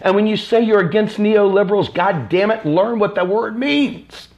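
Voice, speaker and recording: A man's voice: high-pitched, moderate pace. A man from the United States hosting a live stream. He delivers an impassioned, angry political rant that is repetitive and profane.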